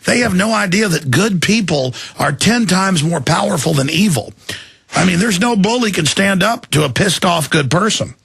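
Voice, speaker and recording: A raspy, gravelly man hosting a heated talk-radio show, his voice bright and pushed hard. He rants bluntly and fiercely. The sound is dry and close. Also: high voice, animated, moderate pace, no room sound. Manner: fiery, blunt, swears then apologizes. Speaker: host.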